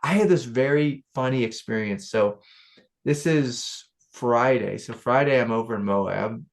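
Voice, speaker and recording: A male spiritual teacher gives a casual satsang talk to a student, telling stories in a loose, animated way. His voice is mid-range.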